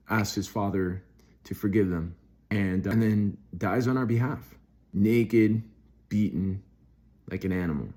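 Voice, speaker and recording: A middle-aged man talks through a devotional reflection in a somewhat low voice. He speaks earnestly and off the cuff, with restarts, and his voice climbs when he stresses a point. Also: mellow. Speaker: Christian video host. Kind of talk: devotional monologue.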